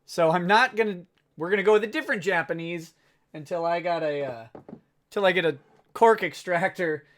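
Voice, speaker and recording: A man's voice: high-pitched, a little fast, fairly bright tone. A man hosting a casual livestream, sarcastic and self-mocking, often breaking into laughter. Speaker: livestream host.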